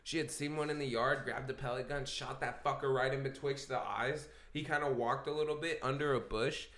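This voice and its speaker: A man's voice: medium pitch, brisk. A man co-hosting a casual podcast, telling rowdy stories full of swearing and laughter. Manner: profane, laughing, animated storyteller. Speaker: podcast co-host. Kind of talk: casual storytelling chat.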